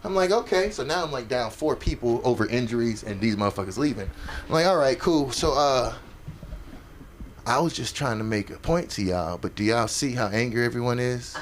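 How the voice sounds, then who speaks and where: A man doing open mic stand-up, telling a profane story and shouting when he acts out angry parents. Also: medium pitch, animated, fairly quick. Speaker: stand-up comic. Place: comedy club stage. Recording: noisy club crowd. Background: audience reactions.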